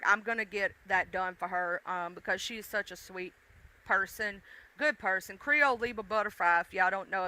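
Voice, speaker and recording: A woman with a mixed deep-South accent, rambling casually to her livestream chat, addressing viewers directly and swearing freely. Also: bright, forceful tone, no echo, rough recording. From Southern United States. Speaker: livestream host.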